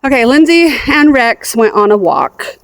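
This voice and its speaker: A woman's voice: sits high, very animated, measured pace. Chatty woman walking her garden. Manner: chatty, talks to her dogs and plants. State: voice going in and out. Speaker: gardening vlogger. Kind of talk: casual garden walkthrough. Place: outdoors in a backyard garden.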